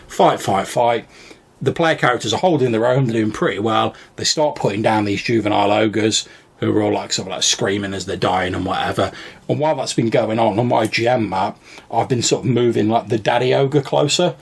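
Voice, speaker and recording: Male podcast co-host, low gravelly husky voice, rambling casual recap of a game night. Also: a little fast. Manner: rambling, many fillers and restarts. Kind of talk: casual storytelling chat.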